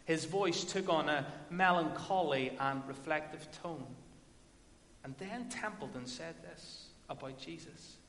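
Male preacher, sermon, bright slightly high voice, echoey hall with long reverb. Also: a little slow, a little hiss or hum. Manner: storytelling, builds to forceful emphasis.

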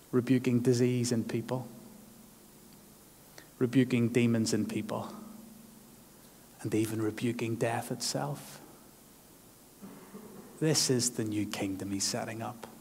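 A man's voice: mid-range voice, breathy edge. A man preaching a sermon as pastor, earnest and emphatic, leaning on repeated phrases. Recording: long hall reverb.

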